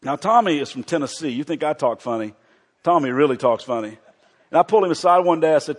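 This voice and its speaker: Middle-aged pastor preaching in a reverberant hall. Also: male voice, a little high, fast talker, breathy edge. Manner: swings from loud excited emphasis to soft, quiet storytelling. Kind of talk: sermon.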